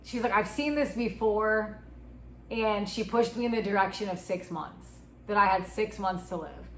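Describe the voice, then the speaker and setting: A woman's voice: medium pitch, moderate pace, roomy sound, slight background noise, rough recording. A woman in her twenties, speaking as an interviewee and candidly telling a personal story, often acting out what was said. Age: 20s. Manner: candid, retelling with quoted dialogue.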